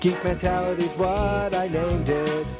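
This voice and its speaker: A woman's voice: fairly low pitch, steady tone, unhurried, loud music behind the voice. A woman singing a playful, tongue-in-cheek theme jingle for a podcast.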